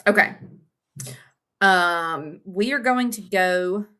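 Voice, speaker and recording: Woman co-host, casual chat, bright forward tone, chatty. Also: medium pitch, takes it slowly, clear, resonant tone. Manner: chatty, fillers before her picks. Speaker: podcast co-host.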